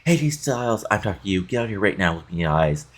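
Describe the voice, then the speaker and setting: A man's voice: low-pitched, expressive, rapid-fire. A man reading out the lines of a boastful male wrestler who taunts the champion. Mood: taunting. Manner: trash-talking, read aloud plainly.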